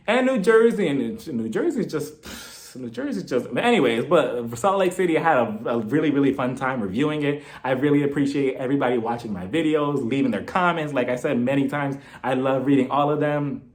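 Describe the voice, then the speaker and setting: A young man recapping a reality show in a chatty, gossipy way, often laughing. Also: mid-range voice. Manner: chatty and gossipy, with frequent laughs and mock impressions. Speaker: YouTube TV reviewer.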